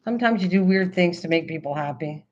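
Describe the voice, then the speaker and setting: A woman hosting a casual craft livestream, chatting excitedly and answering her chat as she goes. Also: on the low side, fast, a little hiss or hum. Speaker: livestream host. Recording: slightly dull lo-fi stream audio.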